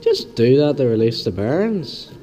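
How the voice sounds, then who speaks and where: Hoarse man with flu demonstrating engine repair. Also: medium pitch, very animated, moderate pace, dark tone, soft background music, low-quality recording. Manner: chatty, homely, repeats small instructions. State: hoarse, losing his voice with flu. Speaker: YouTube engine repair tutorial host. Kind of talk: casual step-by-step workshop demonstration.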